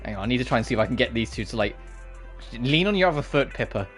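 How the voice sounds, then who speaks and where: A man streaming a game with casual commentary, swearing freely and reacting in quick asides. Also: mid-range voice, expressive, fairly bright tone, soft background music.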